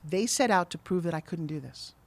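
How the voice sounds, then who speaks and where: A middle-aged woman telling her story as a guest on an interview podcast, animated and acting out the quotes. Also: on the low side, no echo. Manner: fast, animated storyteller who acts out quotes. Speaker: guest, TV pitch saleswoman.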